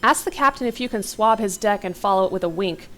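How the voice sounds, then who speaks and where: A man's voice: high voice, quick pace, pushed and bright, slight background noise. A woman reading the part of a cocky young man who teases his friends. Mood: joking.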